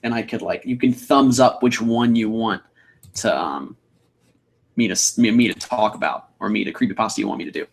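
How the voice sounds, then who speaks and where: A man's voice: on the low side, fairly quick, gravelly. A young man, chatting casually on a livestream, reading out viewer comments in an upbeat, rambling way. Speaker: livestream host.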